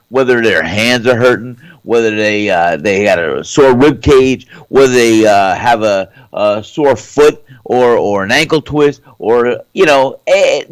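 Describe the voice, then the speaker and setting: A man's voice: mid-range voice, lively intonation, a little slow, dry recording, rough recording. A man co-hosting a boxing podcast, making emphatic points and repeating himself. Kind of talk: casual chat.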